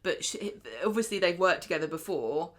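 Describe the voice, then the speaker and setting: Enthusiastic lower-voiced woman podcast host. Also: brisk. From England. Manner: enthusiastic and gushing. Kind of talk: casual chat about a soap opera.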